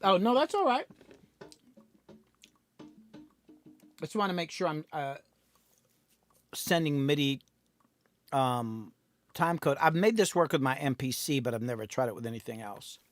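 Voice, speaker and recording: A man's voice: on the high side, big pitch swings, unhurried, pauses often, no echo. A man, a music producer, chatting casually on a livestream from his recording studio, sometimes talking with his mouth full. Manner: talks with his mouth full, loose and rambling.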